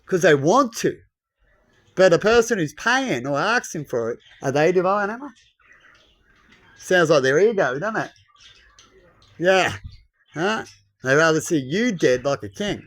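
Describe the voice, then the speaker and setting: A man with a voice pitched a touch high talks in a loose, rambling monologue. He lectures bluntly and keeps checking in with his listener through tag questions. The tone is preachy and salted with mild swearing. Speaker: vlogger.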